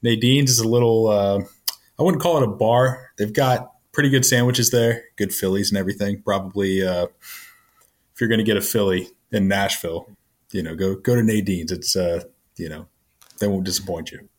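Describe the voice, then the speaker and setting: A man in casual chat, giving relaxed, brief recommendations. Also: on the low side, normal speed.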